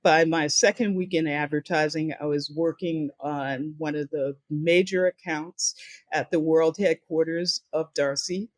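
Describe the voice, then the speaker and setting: Speaking a little slowly in a low voice with fairly even intonation, an older woman, a guest speaker and author, shares career stories in a podcast interview. She imitates the voices of those she quotes, and there's no echo.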